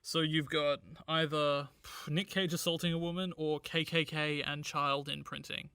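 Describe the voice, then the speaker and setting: A man co-hosting a casual film podcast, joking in quick banter. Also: on the high side, level tone, vocal fry, sharp tone, clear, resonant tone, dry recording, studio quality. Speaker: podcast co-host.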